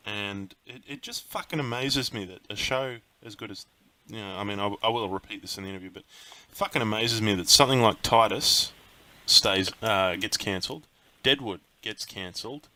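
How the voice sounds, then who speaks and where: A man's voice: on the low side, moderate pace, bright, forceful tone. A man hosting a casual interview, laid-back and swearing freely. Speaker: interviewer, website host.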